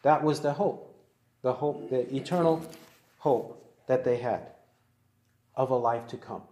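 A man teaching verse by verse through a Bible passage, reading verses slowly and deliberately. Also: medium pitch, warm tone. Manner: deliberate, slows to read verses aloud. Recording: roomy echoey recording.

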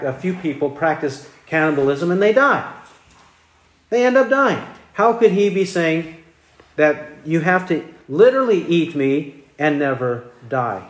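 A man's voice: fairly high pitch, echoey room. A man preaching an expository sermon, emphatic, with rhetorical questions and repeated key phrases.

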